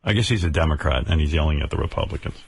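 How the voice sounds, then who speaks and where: A man's voice: racing, breathy edge, no echo. A man co-hosting a radio show, chatting in a dry, sarcastic way on a studio mic. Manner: dry, sarcastic, does shrill impressions. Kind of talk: casual radio talk, playing clips.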